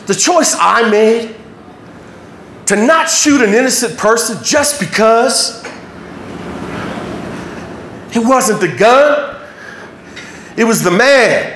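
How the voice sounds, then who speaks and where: A man's voice: sits high, sing-song, takes it slowly, pauses often, fairly bright tone. A man telling a personal story on stage, emphatic and heavily profane, in an echoey hall. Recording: echoey hall, faint noise.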